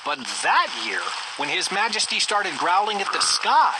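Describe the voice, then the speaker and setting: A narrator reading a children's storybook aloud in a slow, expressive manner. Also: mid-range voice, background noise.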